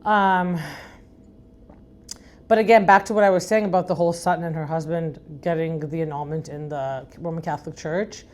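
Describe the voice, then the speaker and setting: Middle-aged woman from Iran, deep and raspy, frank chatty podcast host who rambles. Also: fairly even intonation, normal speed, darkish tone. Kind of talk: casual recap chat.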